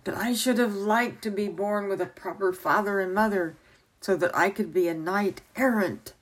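A woman's voice: mid-range voice, normal speed, voice pushed up, lightly acted. A woman voicing an earnest young boy from a storybook who talks eagerly and wistfully.

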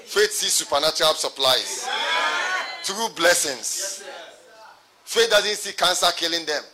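A man's voice: fairly high pitch, lively intonation, measured pace, crowd noise. A pastor preaching a sermon to his congregation, repeating his phrases and calling for responses.

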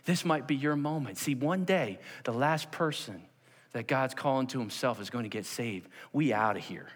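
At normal speed and medium pitch, a pastor delivers a sermon in his church sanctuary, where the sound carries a long hall reverb. He animatedly acts out the people in a personal story and keeps checking in with "okay?"

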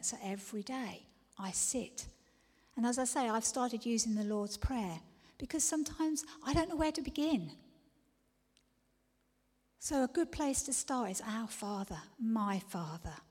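A woman's voice: mid-range voice, darkish tone, husky. Woman, sermon, earnest, whispery then emphatic, reverberant hall. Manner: earnest, shifting between whispered intensity and emphatic declarations. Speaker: preacher. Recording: long reverb of a large hall.

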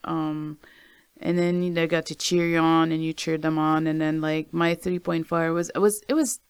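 Gravelly, hesitant guest voice. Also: medium pitch, level tone, no room sound. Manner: hesitant, many filler pauses. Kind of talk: casual conversation.

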